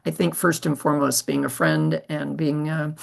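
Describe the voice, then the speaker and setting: A middle-aged woman doctor speaking on a panel over a video call, gentle and measured, often restarting her sentences. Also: low voice, flat delivery, vocal fry. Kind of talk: casual panel discussion. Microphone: video call mic.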